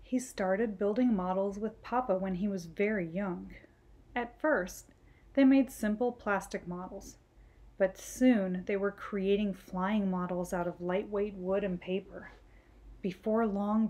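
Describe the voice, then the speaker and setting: A woman reading a children's picture book aloud in a gentle, clear storytelling manner. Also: medium pitch. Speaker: storytime reader.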